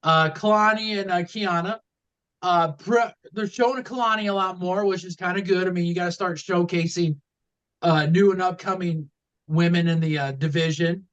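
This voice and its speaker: High-voiced man rambling about wrestling. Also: steady tone, moderate pace, a bit bright, clean tone, muffled recording. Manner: rambling, many fillers and restarts. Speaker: podcast co-host. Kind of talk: casual wrestling talk.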